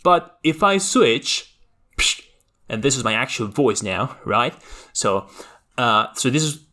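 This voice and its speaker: A man's voice: mid-range voice, sharp tone. A young man, a native Spanish speaker, teaching a language lesson and explaining points to the viewer while checking in often. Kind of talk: educational video lesson.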